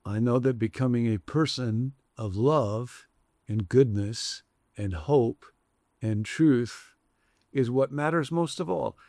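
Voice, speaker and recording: A man delivers a conversational sermon in a gravelly, mid-pitched voice. He preaches in a reflective way with shifting emphasis, recorded dry and close. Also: takes it slowly, dark tone, no echo. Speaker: pastor.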